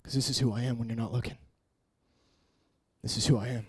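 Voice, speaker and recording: A man in his late twenties preaching an emotional personal testimony, shifting between hushed murmurs and raised, intense passages. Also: fairly even intonation, fairly quick, slightly rough. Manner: earnest, swinging from hushed murmurs to raised, high-pitched intensity.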